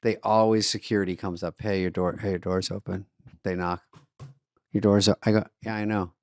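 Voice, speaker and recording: A man's voice: fairly low pitch, flat delivery, brisk, a little mellow, no echo. A man co-hosting a comedy podcast, chatting casually in a dry, wry way. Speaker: podcast co-host.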